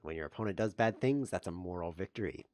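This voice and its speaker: Deep-voiced and fast-talking, this man commentates as he plays chess online, his self-deprecating deadpan broken by sudden yelps whenever he blunders. No room sound comes through.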